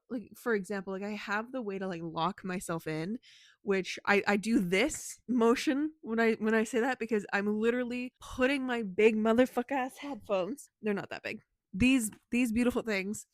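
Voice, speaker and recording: A woman's voice: a little high, normal speed, no echo, clean studio sound. A young woman vlogging in casual chat from her bedroom, rambling and laughing often, sometimes dropping to a whisper. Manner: coos softly in baby talk at her pet. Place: bedroom at home.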